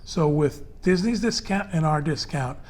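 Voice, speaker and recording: A man's voice: a little high, unhurried. A man hosting a casual panel podcast, talking loosely with fillers as he walks through prices and details step by step. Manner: chatty, loose and conversational with many fillers. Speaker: podcast host.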